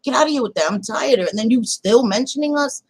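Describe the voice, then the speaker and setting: A woman, chatting on a livestream in a blunt, heated way and cursing freely. Her voice sits a little high and sounds dry and close, with no room around it. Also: fast, husky, no echo, poor audio. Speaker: channel host. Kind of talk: casual livestream chat.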